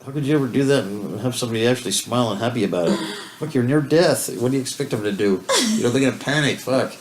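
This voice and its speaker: Fast-talking, swearing man in an echoey room. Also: mid-range voice. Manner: rambling storytelling, heavy swearing. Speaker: co-host of a couple's video talk. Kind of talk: casual chat. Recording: roomy echo with faint hiss.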